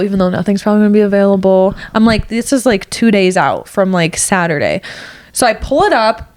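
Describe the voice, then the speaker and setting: A woman's voice: medium pitch, expressive, fairly quick. A young woman, co-hosting a podcast and telling a story in casual chat, full of fillers and acted-out quotes. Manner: chatty, filler-heavy, acts out quotes. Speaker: podcast co-host.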